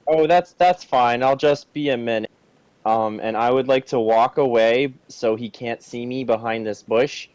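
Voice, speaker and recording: A man's voice: medium pitch, a little slow, darkish tone, clear, resonant tone, dry recording. A man playing a tabletop game who talks hesitantly and stammers. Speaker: player.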